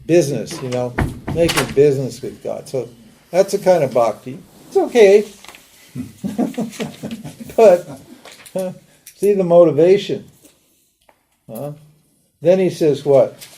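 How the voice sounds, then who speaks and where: Dark-voiced man giving a lively lecture. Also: on the high side, takes it slowly, long pauses. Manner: conversational, asks rhetorical questions, acts out pleading prayers. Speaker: Vedanta teacher. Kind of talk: live lecture.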